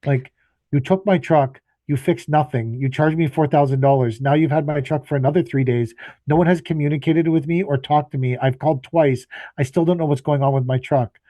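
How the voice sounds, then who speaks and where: A man with a somewhat high but mellow, warm voice tells a long, exasperated story on a casual podcast. He swears freely and acts out both sides of his phone calls. The sound is close and dry, and he comes across as worn out. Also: a little fast, no echo. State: tired. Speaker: podcast co-host, landscaping business owner.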